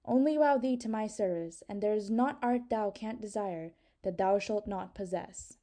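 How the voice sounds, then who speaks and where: A woman's voice: medium pitch, moderate pace, mellow, natural voice. A woman reading the part of a proud, mocking sorceress who tempts and commands in honeyed, archaic speech. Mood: mocking, tempting. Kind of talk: audiobook reading.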